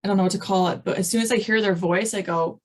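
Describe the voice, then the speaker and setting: A woman from Wisconsin talks as an author guest on a casual podcast, at a middling pitch. Her remarks are short and dry. She keeps an easy, wry tone. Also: steady tone, fast. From Wisconsin, USA.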